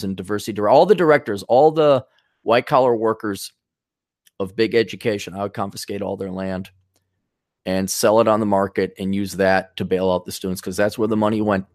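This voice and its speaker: A man's voice: lowish voice, fairly quick, no room sound, clean studio sound. Profane, blunt man ranting on a podcast. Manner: loose, digressive, with frequent restarts. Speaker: podcast host. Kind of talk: solo podcast rant.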